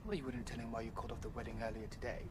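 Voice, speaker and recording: A scheming priest from a comedy film, wheedling and evasive as he tries to talk his way around a secret, played by a man. His voice sits at an ordinary middle pitch. A faint hiss of noise runs behind him. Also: fairly even intonation, rapid-fire, natural voice. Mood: smooth. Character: scheming male priest meddling in a wedding.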